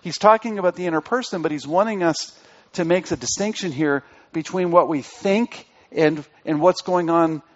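A male pastor with a fairly high voice delivers an interactive sermon at normal speed, asking the congregation questions and repeating key phrases. The recording is dull and lo-fi.

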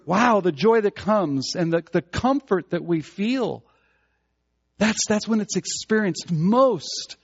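A man preaching a sermon in an earnest way, stumbling over restarts and rising to loud fervor as he builds his points. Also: high-pitched, expressive, slow pace, slightly rough, highs cut off.

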